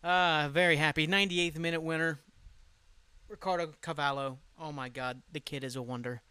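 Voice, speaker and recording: A man chats through his own podcast in a loose, rambling way, swearing freely and sounding tired. His voice sits a little high and comes through smooth and crisp. The recording from his home mic is close and dry. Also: fairly even intonation, normal speed, pushed and bright, no room sound. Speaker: podcast host. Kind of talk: casual solo podcast chat.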